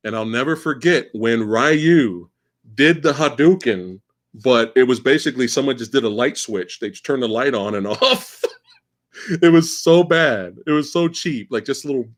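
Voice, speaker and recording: A man in his forties hosting a live Q&A stream, talking in a rambling, profane way and repeating words as he restarts his sentences. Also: mid-range voice. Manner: animated, profane, stammering restarts. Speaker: livestream host. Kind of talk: live Q&A chat.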